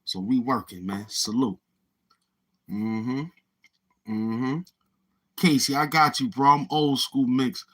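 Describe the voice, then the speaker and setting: Husky Brooklyn man hosting a livestream. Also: mid-range voice, fairly even intonation, slow pace, long pauses, a bit bright. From Brooklyn, New York. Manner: streetwise slang, repeats himself, talks to chat. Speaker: livestream host reading chat. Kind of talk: casual livestream chat.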